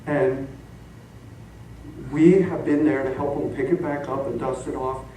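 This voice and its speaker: Speaking a little slowly in a mid-range voice, a middle-aged pastor tells stories during his sermon and laughs as he goes, animated throughout. The recording comes from far off in an echoey church sanctuary, with slight background noise.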